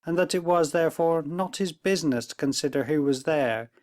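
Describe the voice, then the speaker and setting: A man narrating a classic novel as an audiobook, reading in a slow, measured way. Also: a little high, darkish tone. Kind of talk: scripted narration.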